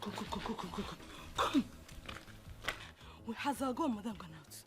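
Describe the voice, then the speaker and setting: A woman's voice: a little high, lively intonation, moderate pace, close to an everyday voice. A woman playing a fretful household woman. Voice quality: fretful, lamenting. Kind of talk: film comedy acting. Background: film score music.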